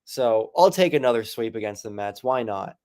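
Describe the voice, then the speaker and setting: A man's voice: medium pitch, lively intonation, moderate pace, a little mellow. A young man co-hosting a casual sports podcast. He is opinionated and swears casually. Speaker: podcast co-host.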